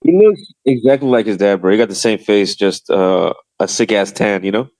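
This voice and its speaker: Lower-voiced man, mocking podcast banter. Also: expressive, normal speed, a little mellow, no echo. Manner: mocking, mimics others. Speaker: podcast co-host. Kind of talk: casual boxing podcast banter.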